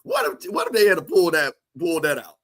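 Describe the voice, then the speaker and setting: A man's voice: high-pitched, brisk. A man hosting a casual livestream, joking and talking straight to his viewers in the chat. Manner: animated, joking, talks to chat. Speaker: livestream host.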